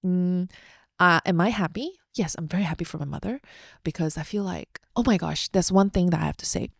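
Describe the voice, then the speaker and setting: A woman's voice: fairly low pitch, fairly quick, gravelly, husky, dry recording, clean studio sound. Candid young woman podcast host. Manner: open and heartfelt, chatty with frequent fillers. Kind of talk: candid personal storytelling.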